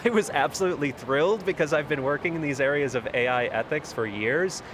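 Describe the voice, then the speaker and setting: A man's voice: fairly high pitch, brisk. A man in his forties from Texas, a priest, speaking earnestly and thoughtfully in an interview, with occasional fillers. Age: 40s. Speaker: priest and lecturer. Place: street and taxi in a city. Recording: on-location audio with clear city noise.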